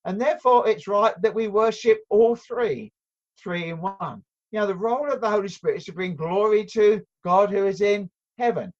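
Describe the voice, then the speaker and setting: An older man preaching a sermon in an earnest, halting way, with many restarts and rhetorical questions. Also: high-pitched, muffled recording.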